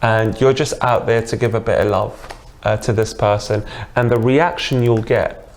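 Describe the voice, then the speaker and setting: British guy giving dating tips, lowish voice, chatty and upbeat. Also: normal speed. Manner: chatty and enthusiastic, explains with examples. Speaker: dating coach guest. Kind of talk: casual interview.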